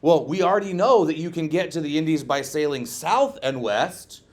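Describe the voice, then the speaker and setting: A male teacher giving a classroom history lecture, lively and joking, asking the class questions and tagging on "okay?" often. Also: on the high side, normal speed. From Scotland.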